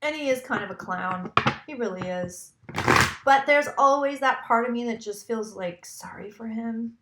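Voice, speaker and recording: A woman's voice: fairly high pitch, moderate pace, background noise. Chatty woman tarot reader, echoey room. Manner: chatty, rambling, swears casually. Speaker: psychic doing a tarot reading. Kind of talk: casual tarot reading monologue.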